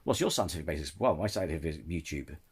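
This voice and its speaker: A channel host rants to camera in a casual opinion video, stumbling over words, restarting sentences and apologizing often. He has a bass voice that's slightly rough, and he's animated and talks fast.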